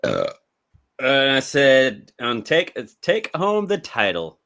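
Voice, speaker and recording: A man co-hosting a laid-back movie review podcast. He jokes, laughs a lot and swears casually. His voice sits at an ordinary middle pitch. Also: huge pitch swings, slow, a bit bright. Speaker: podcast co-host.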